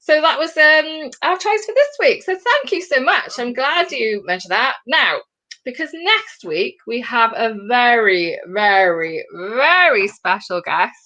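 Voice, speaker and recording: Lively, high-voiced woman chatting. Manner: animated, chatty, breaks into quick impressions. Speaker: co-host of a comedy podcast. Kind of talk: casual chat.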